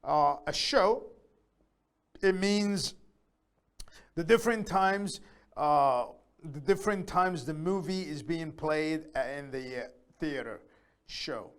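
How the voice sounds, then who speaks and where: A man teaches beginners' English in a slow, measured way. His voice sits a little high for a man. He repeats each phrase and fills his pauses with hesitant fillers. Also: expressive, clean tone. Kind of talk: live online English lesson.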